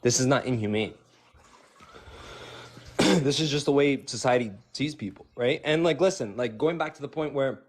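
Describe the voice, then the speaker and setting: A man's voice: mid-range voice, normal speed, long pauses. Guy arguing his point loose and casual, lots of likes, cusses a bit. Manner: casual, swearing, filler-heavy. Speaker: debater. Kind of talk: casual debate.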